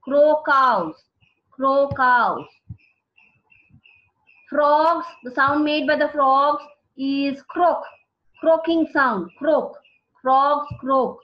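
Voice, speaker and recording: Brief: woman teaching a class, high voice, patient repetition, dull lo-fi sound. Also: fairly even intonation. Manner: slow, repeating key words for students. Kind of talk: classroom vocabulary lesson. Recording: dull lo-fi recording.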